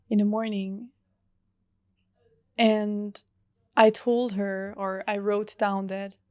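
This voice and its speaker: A young woman hosting a reflective solo podcast, talking softly and earnestly with long pauses. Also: medium pitch, no room sound, clean studio sound. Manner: soft, earnest, heartfelt, with drawn-out pauses. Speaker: podcast host.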